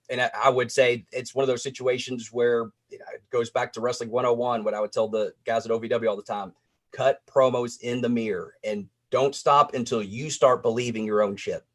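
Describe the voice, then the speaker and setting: Earnest man lecturing on a podcast. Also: mid-range voice. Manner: earnest, lecturing, lots of restarts. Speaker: wrestling podcast co-host. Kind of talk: casual podcast chat.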